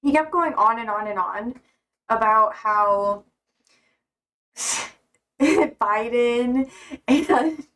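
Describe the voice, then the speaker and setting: A young woman with a fairly high voice chats loosely on a live stream. She rambles and leans on fillers, and she often breaks off her own sentences to start a new thought. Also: drawn-out words, long pauses, fairly bright tone, poor audio. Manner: rambling, filler-heavy, self-interrupting. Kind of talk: casual live-stream chat.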